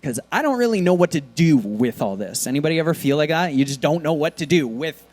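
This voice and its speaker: A man preaching a sermon in a church, talking casually with lots of fillers, and swinging between soft, quiet lines and loud, emphatic ones. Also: a little high, lively intonation, fast. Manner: casual, conversational preaching with many fillers and laughs. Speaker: pastor.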